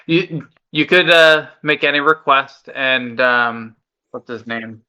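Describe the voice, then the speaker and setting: A man narrating a tabletop game as game master, casual and unhurried with many fillers. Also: medium pitch, pushed and bright.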